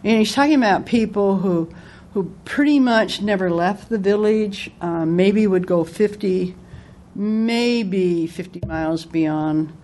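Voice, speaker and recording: A woman's voice: mid-range voice, takes it slowly, darkish tone. A woman giving a casual spoken book review, retelling its anecdotes in a conversational way.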